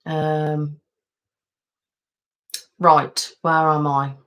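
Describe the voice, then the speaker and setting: A woman's voice: deep voice, little pitch movement, very slow, a bit bright. A woman from the West Midlands of England with a West Midlands accent, chatting casually and self-deprecatingly on a live stream, with many ums. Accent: West Midlands English. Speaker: ASMR channel host. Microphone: webcam setup at home.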